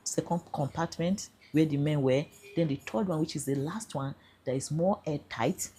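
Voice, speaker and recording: Low-voiced Nigerian woman recounting an ordeal. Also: normal speed, mellow, slight background noise. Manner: earnest, shifts into Nigerian Pidgin. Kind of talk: emotional first-person account.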